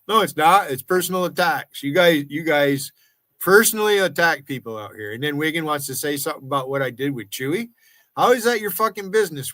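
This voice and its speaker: A man's voice: fairly high pitch, sharp tone, no echo. Profane older American man ranting. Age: 60s. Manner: profane and confrontational. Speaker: livestreamer. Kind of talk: angry livestream rant.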